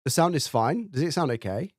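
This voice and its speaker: A man's voice: a little high, lively intonation, a little fast, dry recording. Man streaming live, dry close mic. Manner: thinks aloud, repeats mic checks, reads viewer chat. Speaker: live-stream host testing his mic. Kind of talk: casual live-stream chat. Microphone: studio dynamic mic, close up.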